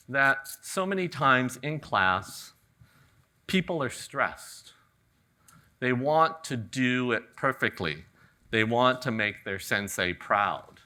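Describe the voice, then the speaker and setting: Relaxed, bright-voiced man teaching ikebana. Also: mid-range voice. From California. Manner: relaxed, joking storyteller. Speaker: ikebana demonstrator. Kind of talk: live floral demonstration talk. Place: garden event venue with audience.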